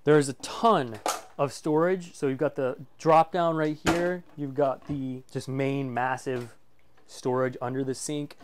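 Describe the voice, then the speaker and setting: A man's voice: medium pitch, fairly even intonation, measured pace, noisy background. A man casually presenting a walkthrough of a motorhome for sale, enthusiastic and full of fillers like "um" and "like". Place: inside a motorhome.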